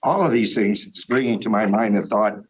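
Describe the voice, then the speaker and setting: A man taking part in a study class, offering a measured, reflective comment. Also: on the low side, fairly even intonation, a little hiss or hum. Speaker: class participant. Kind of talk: thoughtful comment in a study group.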